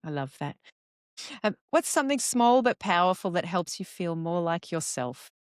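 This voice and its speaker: Soft-spoken lower-voiced woman podcast host. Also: very animated, moderate pace, clean tone, no room sound, studio quality. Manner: warm, effusive, frequent restarts. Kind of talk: casual interview chat.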